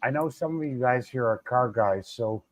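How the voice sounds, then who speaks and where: Halting man in a dry, close recording. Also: mid-range voice, no echo. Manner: hesitant, full of ums and uhs. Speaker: guest on stream. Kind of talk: casual chat.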